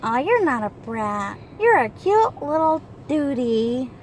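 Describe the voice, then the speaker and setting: A mother talking to her child in an odd, squeaky high voice, teasing and singsong. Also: sing-song, slow, a little hiss or hum. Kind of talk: playful family video.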